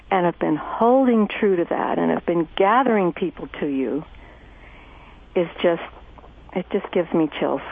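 A woman's voice: lowish voice, gravelly, breathy edge. A woman therapist hosting an interview, talking in an effusive, enthusiastic way with many restarts. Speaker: host and therapist. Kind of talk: conversational interview. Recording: phone-like lo-fi radio audio.

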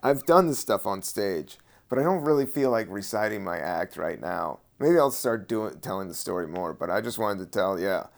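Low gravelly-voiced man, rambling. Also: sing-song, moderate pace, hardly any pauses. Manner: loose, meandering, swearing freely. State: a little high. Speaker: comedian and podcast host. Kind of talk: casual rambling podcast monologue.

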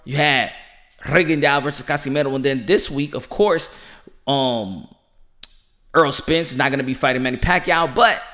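A man hosting a boxing podcast from home, talking in an excitable, slangy monologue and often saying "ladies and gentlemen". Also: mid-range voice, moderate pace. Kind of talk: animated boxing commentary monologue. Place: home room with children nearby. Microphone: home setup.

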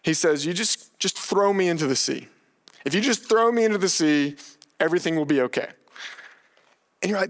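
A man preaching a sermon on a biblical book, explaining the text and acting out the characters' lines with lively energy. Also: fairly high pitch, normal speed, pauses often. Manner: animated, acts out the dialogue of the biblical characters. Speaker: pastor.

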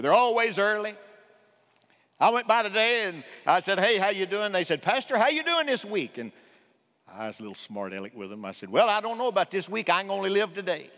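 High-voiced preacher in a reverberant church. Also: male voice. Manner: impassioned preaching with shifting loud and hushed delivery. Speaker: pastor. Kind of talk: sermon. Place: church sanctuary.

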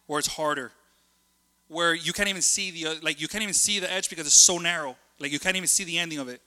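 A man preaching a sermon in a chatty, animated way, telling family stories and jumping between thoughts. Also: a little high, quick pace, long reverb tail.

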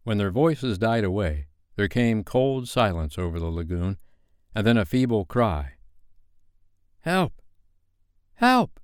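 A man with a smooth, lowish voice reads a bedtime story in a measured, gentle way. The recording is close and dry. He shapes each sentence with care. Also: dry recording.

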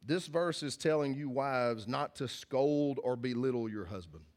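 A man preaches to his congregation at a middling pitch, earnest and folksy in manner. He doubles back, restarts his phrases and repeats them as he leans into each point. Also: measured pace, darkish tone. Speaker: pastor. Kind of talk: sermon. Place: church hall with congregation.

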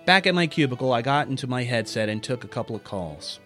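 A man's voice: medium pitch, lively intonation, fast talker, sharp tone, soft background music. A man narrating a personal story in a wry, self-deprecating way, now and then putting on voices for the people in it.

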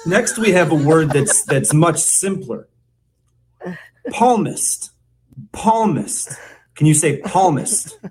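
A man hosting a podcast, presenting a mock language lesson with a teasing, drawn-out teacher delivery. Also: a little high. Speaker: podcast co-host.

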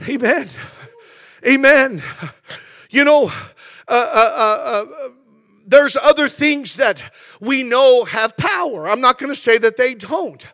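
A male pastor with a very high, bright voice delivers an impassioned sermon, swinging between hushed reflection and fervent shouting. He repeats words as he builds momentum, and the sound is close and dry with no room around it. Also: expressive, slow, pauses often, no echo. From California. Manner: impassioned preaching that swells to shouting, with repetitions.

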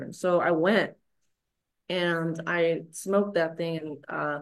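A woman's voice: on the low side, fairly even intonation, slow. A middle-aged woman frankly telling a raw personal story as a podcast guest, swearing freely and restarting her sentences.

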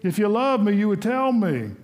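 A tearful young bride pleads in a whiny, high voice, as a male preacher puts her on. She sounds insistent and pressing as she begs her husband to prove his love. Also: very animated, moderate pace, darkish tone. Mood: pleading.

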